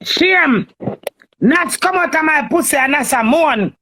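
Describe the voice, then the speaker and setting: A woman's voice: sits high, lively intonation, measured pace, bright, forceful tone. A Jamaican woman in a heated, cursing, confrontational rant on a phone live stream.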